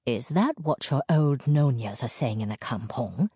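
A woman's voice: a bass voice, expressive, normal speed, mellow, slightly rough, dry recording, heavily acted. A woman voicing a man in his late thirties, a mining engineer who talks in a dry, clipped, dismissive way. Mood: firm.

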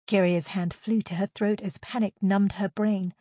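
A woman reading a fantasy novel aloud as an audiobook narrator, in a steady, expressive reading. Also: mid-range voice, moderate pace, few pauses, no room sound, studio quality.

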